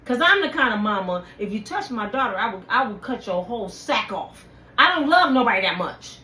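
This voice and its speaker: A channel host with a lively, high voice delivers an impassioned personal rant to camera, heated and preachy, addressing viewers directly. She's in an echoey room with faint ambient noise.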